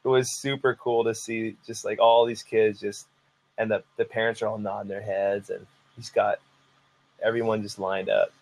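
A man's voice: on the low side, normal speed, vocal fry, poor audio. A man who teaches martial arts, telling a story in a casual podcast chat and filling it with "like". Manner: animated storyteller, heavy use of "like".

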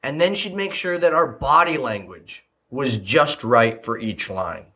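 A man's voice: medium pitch, animated, unhurried, bright, forceful tone. A man hosting a parenting podcast, telling childhood stories in a loose, chatty way with fillers and repeated phrases. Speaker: podcast host, leadership coach. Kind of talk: casual solo podcast talk.

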